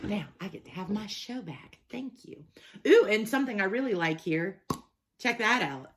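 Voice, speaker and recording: A woman's voice: mid-range voice, animated, normal speed, slight background noise. A young adult woman hosting a casual hot sauce review, chatty and enthusiastic as she reads the labels aloud.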